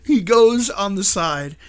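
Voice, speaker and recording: Lively high-voiced man telling a story. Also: smooth. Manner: animated, rambling storytelling, laughing often. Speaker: show host. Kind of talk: casual retelling of a movie plot on a live stream.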